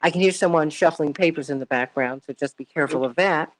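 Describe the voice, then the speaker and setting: A woman's voice: sits low, fast talker. A woman hosting a morning talk radio show from a studio, chatty and exclamatory, often repeating her words.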